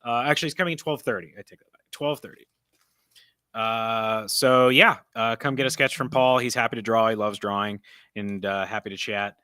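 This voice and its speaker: A man's voice: fairly low pitch, brisk, bright, forceful tone, clear, resonant tone, dry recording, clean studio sound. A man hosting a casual live-stream chat in a comic book store, rambling and correcting himself, with a slightly froggy voice. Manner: rambling, self-correcting, laughs often. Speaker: host.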